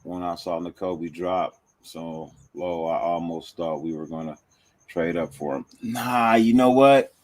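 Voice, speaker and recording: A man's voice: low-pitched, measured pace, a little mellow, dry recording. A man hosting a casual fan show, talking slangy and laid-back, thanking viewers and breaking down players. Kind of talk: casual sports chat.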